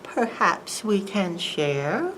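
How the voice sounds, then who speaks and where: A woman voicing a friendly, grinning badger in a picture-book read-aloud, low and unhurried. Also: very animated, a bit bright, slight background noise, exaggerated voice, rough recording. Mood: cozy.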